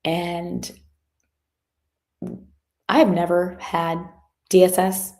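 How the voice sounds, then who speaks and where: A woman giving a motivational talk as a guest speaker, telling a story from her work in an animated way and acting out the people in it. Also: on the low side, drawn-out words. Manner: animated, acts out quoted voices.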